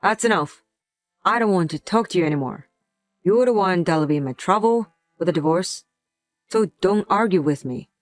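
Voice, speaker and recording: A woman's voice: lowish voice, expressive, normal speed, no echo, soft background music, lightly acted. A woman voicing a resentful adult husband who talks in a curt, contemptuous way in a scripted drama.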